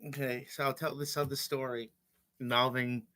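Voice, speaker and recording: A man, telling stories on his livestream in a rambling, halting way. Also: mid-range voice, level tone, sharp tone. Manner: rambling, halting, with fillers and self-corrections. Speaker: livestream host. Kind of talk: casual storytelling.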